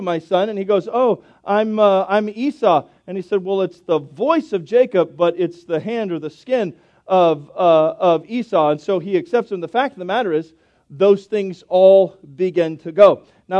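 A middle-aged male pastor preaching a sermon in a church, telling chatty homespun stories and reading scripture slowly. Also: high-pitched, darkish tone. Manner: folksy, chatty storytelling with scripture read slowly. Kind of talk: storytelling sermon. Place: church sanctuary.

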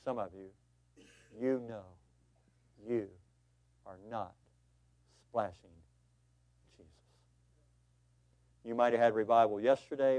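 A man preaching a sermon as pastor, telling a story with animated voices before turning earnest and exhorting his congregation. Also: on the low side, no echo, lo-fi sound.

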